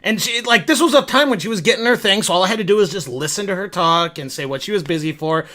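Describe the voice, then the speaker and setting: Talking fast in a high, sharp-toned voice, a man rambles through a self-deprecating story for his viewers, tripping over restarts as he goes. He is a vlogger speaking casually.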